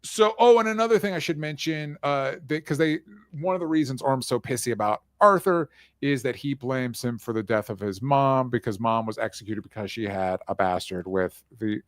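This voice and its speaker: A man talking movies in a loose, rambling way, dropping swears and tossing in asides. His voice sits at an ordinary middle pitch. The sound is dry and close, with no room around it. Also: dry recording. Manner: rambling, profane, quick asides. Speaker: podcast host. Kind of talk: casual movie discussion.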